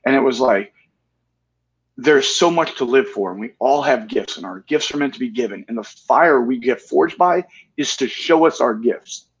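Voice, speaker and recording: An earnest man in his forties speaks candidly as an interview guest, often checking in with "right?". His voice is slightly husky, at medium pitch and a moderate pace. The recording is muffled and lo-fi.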